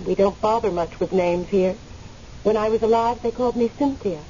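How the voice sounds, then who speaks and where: An actress playing the spirit of a dead woman who waits in limbo, speaking in a gently teasing, unhurried way in a radio drama. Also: mid-range voice, natural voice. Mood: calm, teasing. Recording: muffled radio recording, faint hiss.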